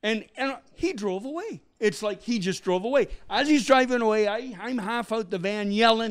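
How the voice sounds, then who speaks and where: A middle-aged man from Canada with a high-pitched voice, telling his missionary story as an interview guest. He is animated and acts out the voices of the people in his story. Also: brisk.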